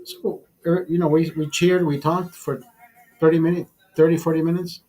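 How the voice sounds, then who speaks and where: A man casually telling a profane story in a vlog, animated and blunt. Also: fairly high pitch, normal speed, faint music behind, low-quality recording. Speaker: vlogger.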